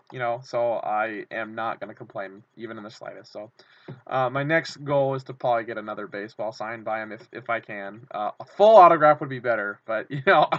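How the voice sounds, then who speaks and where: A young man vlogging, rambling through an excited story and acting out his own shouts. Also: medium pitch, dry recording. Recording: dull lo-fi camera audio.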